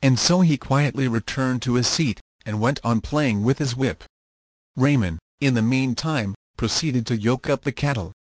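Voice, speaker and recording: A man reads an old-fashioned children's story aloud at a steady, measured pace. His voice is mid-pitched and ordinary in tone. The recording is dry and close, with no room sound. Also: dry recording. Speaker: narrator. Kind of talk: audiobook narration of a children's story.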